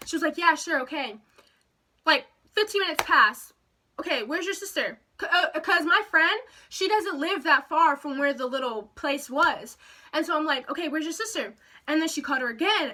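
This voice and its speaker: A young woman tells a storytime to her camera. Her voice sits high and bright. She talks in a chatty, animated way, full of "like" and quoted back-and-forth. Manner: chatty, animated retelling with lots of "like" and quoted dialogue. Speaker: vlogger. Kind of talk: casual storytime.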